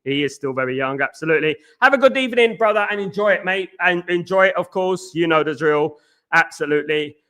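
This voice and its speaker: A man's voice: high-pitched, a little fast, sharp tone. A man hosting a football live stream, chatting casually and out of breath, answering viewer comments. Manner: chatty, repeats "absolutely" and "big up".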